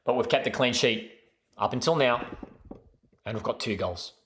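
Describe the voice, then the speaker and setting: A young man talks viewers through a live match, chatty and quick to cheer. His voice sits in the middle of the male range. The room around him is echoey. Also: slight background noise. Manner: casual, excitable, calls the play, bursts into loud high cheers. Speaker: host of a live football watchalong. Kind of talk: excited live match commentary to chat viewers.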